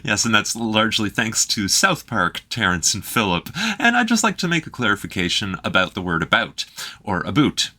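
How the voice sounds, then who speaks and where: Canadian guy on a reaction vid, kinda low voice but bright, explains stuff patiently. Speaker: reaction video host. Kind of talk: casual explanatory commentary.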